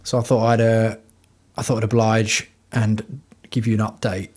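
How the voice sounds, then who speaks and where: A man's voice: lowish voice, little pitch movement, moderate pace, darkish tone. A man hosting a casual livestream from home, talking bluntly and rambling with plenty of swearing. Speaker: livestream host.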